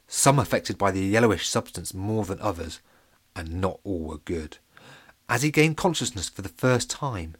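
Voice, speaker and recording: A man narrating a children's audiobook, with playful asides to his listeners. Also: medium pitch. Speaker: storyteller.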